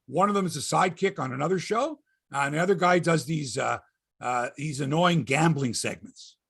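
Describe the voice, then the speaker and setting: A man's voice: fairly high pitch, fairly quick, gravelly, fairly bright tone, husky. A middle-aged Canadian man hosting a sports podcast, chatting casually in a rambling, profane, wry way. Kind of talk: casual chat.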